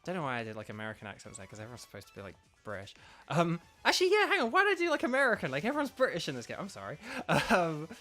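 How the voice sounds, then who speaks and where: A man's voice: on the high side, huge pitch swings, racing, bright, forceful tone, soft background music. A man streaming a video game, chatting casually with viewers in a rambling, enthusiastic way full of fillers. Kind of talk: casual live-stream chat.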